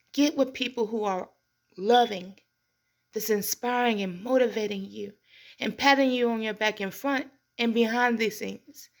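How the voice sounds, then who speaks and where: A woman's voice: fairly high pitch, moderate pace. Earnest woman host, heartfelt and preacherly. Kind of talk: inspirational monologue.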